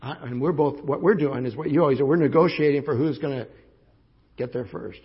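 A man's voice: mid-range voice, fairly quick, husky. A male pastor preaching a sermon, telling a story in a conversational way with emphatic restarts. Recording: dull lo-fi sermon recording.

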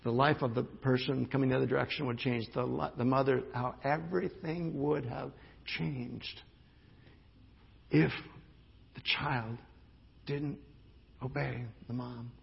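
A man's voice: mid-range voice, fairly even intonation, measured pace, creaky, pauses often, husky. A male pastor preaching a sermon, telling a story in a conversational way with emphatic restarts. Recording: dull lo-fi sermon recording.

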